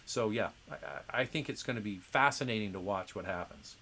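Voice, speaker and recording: A man's voice: lowish voice, fairly quick, sharp tone, slight background noise. A middle-aged man hosting a live viewer Q&A, talking in a chatty, opinionated way with frequent fillers and restarts. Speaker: host answering viewer questions. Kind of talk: casual livestream Q&A.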